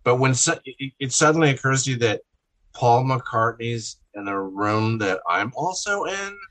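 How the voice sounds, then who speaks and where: A man's voice: medium pitch, expressive, unhurried, a bit bright. A man hosting a chat, asking long, thoughtful questions and telling a short story of his own. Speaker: host. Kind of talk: casual chat.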